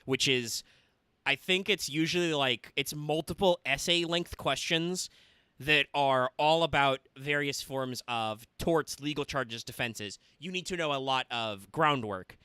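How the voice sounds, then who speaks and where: A man's voice: mid-range voice, measured pace, sharp tone, clear, resonant tone, no echo. A man casually commentating a game stream, explaining at length and swearing freely. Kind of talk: casual let's-play commentary.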